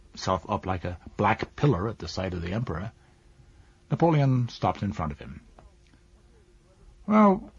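Male audiobook narrator, husky voice, lowish pitch, measured delivery, dull dry lo-fi recording. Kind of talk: scripted narration of a classic novel.

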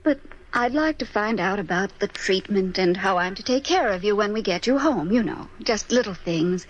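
An actress playing a soft-spoken, hesitant young wife in a 1940s radio drama. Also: female voice, medium pitch, animated, moderate pace, close to an everyday voice. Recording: dull old radio recording with faint hiss.

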